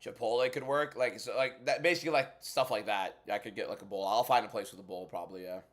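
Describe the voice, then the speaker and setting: A man hosting a casual fight watchalong livestream, blunt and bantering as he answers chat, moving between a subdued inside voice and loud hyped delivery. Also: lowish voice, fairly even intonation, quick pace. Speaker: MMA content creator and livestream host.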